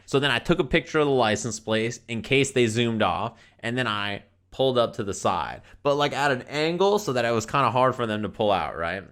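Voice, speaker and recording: A man streaming to his chat, telling a story in a profane, exasperated, animated rant. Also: lowish voice.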